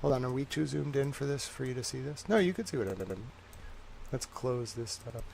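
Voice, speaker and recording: A man's voice: medium pitch, brisk, vocal fry, a little mellow, a little hiss or hum. A man hosting a casual livestream. He rambles cheerfully to his viewers and thinks aloud while he types. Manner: chatty and upbeat with viewers. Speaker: livestream host.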